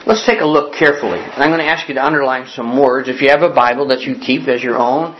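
Male pastor, mid-pitch, teaching sermon, deliberate repetitions, slightly dull recording with faint hiss. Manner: repeats key definitions slowly for emphasis; reads scripture aloud with pauses for note-taking. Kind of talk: sermon with opening prayer.

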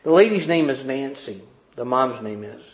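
A middle-pitched man reads a story aloud during a sermon, earnest and measured, dropping soft at its gentle moments. His voice echoes in a large room, and the sound is slightly dull and muffled. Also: expressive. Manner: earnest, slowing and softening at tender moments. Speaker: preacher.

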